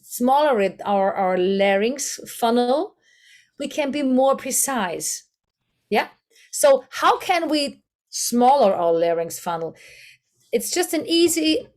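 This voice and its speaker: A woman with a German accent teaching a voice workshop, searching for English words and demonstrating vocal exercises. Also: fairly high pitch. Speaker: voice coach.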